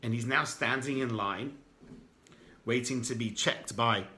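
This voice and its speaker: A man teaches a Torah class as a rabbi. His voice is bright and clear, at a middle pitch. He tells the story with energy and acts out each character's lines himself. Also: unhurried, a little hiss or hum.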